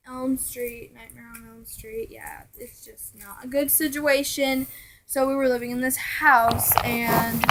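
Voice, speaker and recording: A young woman casually telling ghost stories to her vlog viewers, chatty and animated, now and then dropping to a hushed aside. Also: high voice, low-quality recording. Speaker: vlogger.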